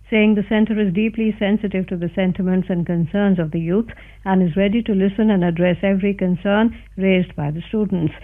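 A newsreader reading a scripted news bulletin in a measured, formal way. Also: mid-range voice. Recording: narrow-band radio broadcast.

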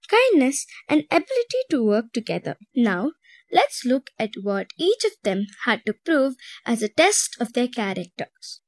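Brief: woman storyteller for kids, bright high voice, close and dry. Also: no room sound. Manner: expressive, storytelling. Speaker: narrator. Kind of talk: children's storybook narration.

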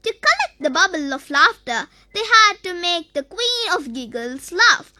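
A storyteller reading a children's story in a sing-song, animated way. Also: very high-pitched, a little slow, no room sound.

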